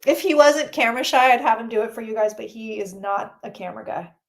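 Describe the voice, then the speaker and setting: A woman's voice: on the high side, fast talker. A woman, a psychic reader, chatting through a live-streamed tarot reading and answering questions from the chat.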